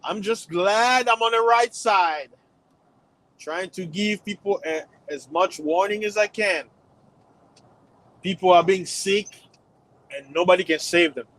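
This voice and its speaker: High-voiced guy preaching slow and heavy about judgment coming, keeps repeating himself. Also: a bit bright, rough recording. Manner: preachy, repetitive, rising to emphatic peaks. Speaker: channel host. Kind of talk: religious warning monologue.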